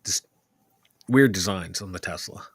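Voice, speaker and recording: A man's voice: sits low, unhurried, a bit bright, a little hiss or hum. A man from the Pittsburgh area co-hosting a sports podcast, chatting loosely with lots of fillers and swearing. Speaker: podcast co-host. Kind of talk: casual sports chat.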